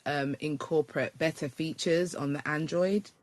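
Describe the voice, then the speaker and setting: A woman from the UK chatting casually as a guest, easygoing and quick to giggle. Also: sits low, fairly even intonation, dry recording. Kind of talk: casual chat.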